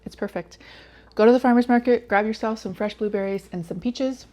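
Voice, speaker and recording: A woman with a warm, mellow voice hosts her own cooking video. She chats casually and with plain enthusiasm about what she bakes, sometimes talking through a bite of food. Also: a little high, fairly quick. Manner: talks while eating. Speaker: cooking channel host.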